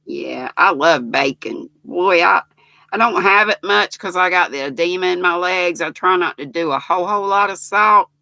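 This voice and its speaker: A woman's voice: fairly low pitch, moderate pace, vocal fry, pushed and bright, no room sound. A woman in her sixties with a Southern American accent, hosting a casual livestream and chatting folksily as she reads viewer comments aloud. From North Carolina, US. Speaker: livestream host.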